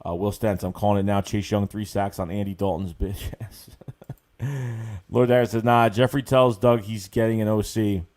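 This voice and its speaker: A man with a somewhat low voice hosts a casual livestream, reading out chat comments and reacting to each one. He talks bluntly and swears freely, full of fillers and repeated phrases. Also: fairly even intonation, normal speed, a little mellow. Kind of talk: casual sports livestream rant.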